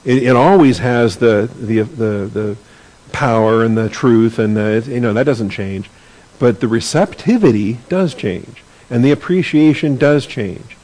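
A man's voice: medium pitch, a little slow, a little mellow, low-quality recording. Earnest man teaching a Bible class. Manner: earnest, repeats words while searching for phrasing.

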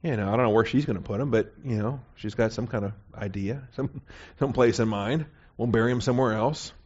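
A man's voice: mid-range voice, brisk, a little mellow, husky. Man, Bible teacher, conversational lesson, keeps checking in with listeners, dull lo-fi sound. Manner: conversational, checks in with "okay?" often. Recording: dull, lo-fi recording.

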